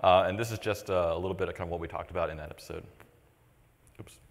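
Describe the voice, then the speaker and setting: A man's voice: low-pitched, fairly even intonation, quick pace. A man in his forties co-hosting a podcast, talking thoughtfully and rambling with lots of fillers and restarts. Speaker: podcast co-host. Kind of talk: casual podcast chat. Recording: long reverb.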